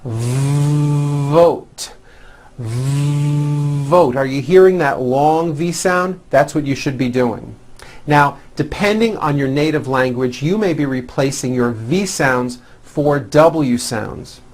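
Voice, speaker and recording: In a scripted English pronunciation lesson, a man with a mid-range voice models each sound slowly and in an exaggerated way.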